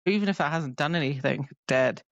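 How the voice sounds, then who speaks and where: A woman's voice: sits low, a little fast, no echo, lo-fi sound. A woman co-hosting a podcast, chatty and retelling scenes from a book in a casual, playful way. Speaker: podcast co-host.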